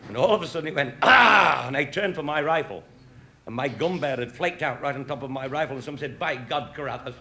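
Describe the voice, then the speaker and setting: A man's voice: medium pitch, fast, a bit bright. A man telling comic anecdotes in a dry, earthy way, swearing casually and chuckling at his own jokes. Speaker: comic storyteller.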